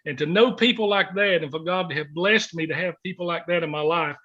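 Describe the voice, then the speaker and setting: A man's voice: fairly high pitch, a little fast. A middle-aged man telling a heartfelt story in an interview, folksy and sometimes choked up. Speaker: guest, former gospel singer. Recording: dull lo-fi recording.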